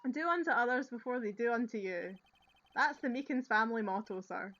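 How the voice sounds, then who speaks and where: A woman with a Scottish accent voicing an eager, dim young male police officer who ends nearly every line with "sir", loud and earnest, reading game dialogue aloud. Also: fairly high pitch, lively intonation, brisk, muffled recording, a little hiss or hum.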